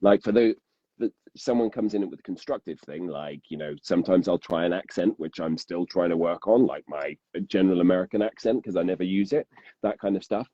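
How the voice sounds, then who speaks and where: A man with a low, dark and husky voice, in casual conversation on a podcast. He rambles and starts his sentences over. The sound is dry and a bit muffled, like a lo-fi recording. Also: fairly quick, no echo. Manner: rambling, self-interrupting, laughs often. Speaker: podcast guest, audiobook narrator.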